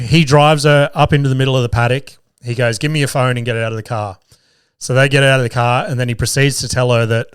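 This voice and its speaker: A man hosting a podcast, retelling stories in a fast, profane, excitable way. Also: mid-range voice, smooth, no echo, clean studio sound. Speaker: podcast host. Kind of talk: casual chat.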